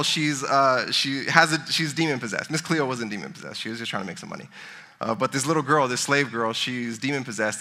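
A man's voice: medium pitch, bright, forceful tone. A man in his thirties giving a casual sermon, chatting and joking with the congregation. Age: 30s. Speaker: pastor.

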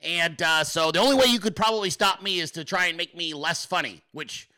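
A man's voice: fairly high pitch, brisk, pushed and bright. A man hosting his own podcast, talking in a brash, mocking way and swearing freely. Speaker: podcast host. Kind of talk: casual political commentary.

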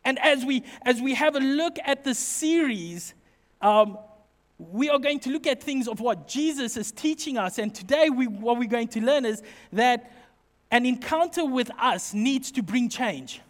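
A middle-aged man preaching a sermon, telling funny personal stories in an animated, joking way. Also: very high voice, measured pace. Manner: humorous, animated storytelling. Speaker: pastor. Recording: long reverb of a hall.

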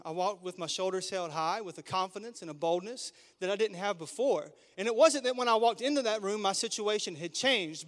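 A man in his thirties preaching a sermon as pastor, telling stories in a playful, animated, conversational way in a church sanctuary. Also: sits high. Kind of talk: humorous storytelling sermon. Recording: long church hall reverb.

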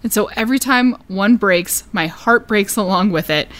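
A woman's voice: medium pitch, moderate pace, fairly bright tone. A woman co-hosting a casual podcast, giggling often and talking with many fillers as she recaps a TV show. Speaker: podcast co-host.

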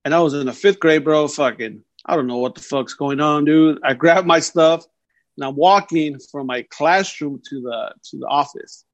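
A young man telling a story on a casual podcast, animated and slangy, always saying "bro". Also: a little high, moderate pace. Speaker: podcast guest. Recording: dull lo-fi sound.

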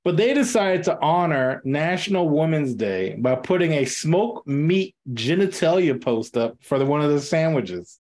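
A man's voice: on the high side, animated, a little slow, few pauses, darkish tone. A man co-hosting a casual podcast chat, with loose slangy talk and frequent laughter. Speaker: podcast co-host.

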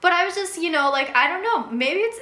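Young woman, podcast co-host, casual animated chat, high bright voice, echoey room. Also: fairly quick. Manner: animated, chatty, laughs often.

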